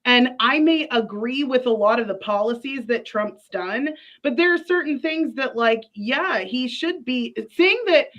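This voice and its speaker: Brief: earnest woman debater, a touch high, muffled remote audio. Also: a little slow, hardly any pauses, a bit bright. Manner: earnest, frustrated, building her point. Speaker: debate guest. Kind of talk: livestream political debate.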